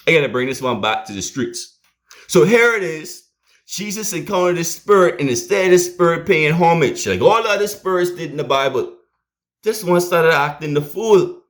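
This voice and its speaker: A man preaching a sermon in a plain street voice, swinging between loud emphatic points and low hushed asides.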